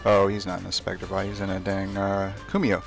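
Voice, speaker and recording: A man's voice: low voice, monotone, brisk, vocal fry, faint music behind. A young man chatting casually as he streams a game, talking to himself and trash-talking opponents. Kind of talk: casual live gameplay commentary.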